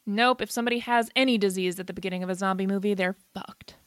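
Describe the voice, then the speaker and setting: A woman's voice: medium pitch, steady tone, fast talker, dry recording. Young woman podcast cohost, rambly chatty movie recap, swears a lot, dead dry mic. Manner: chatty, lots of "like" and profanity. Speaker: podcast co-host. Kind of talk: casual movie discussion.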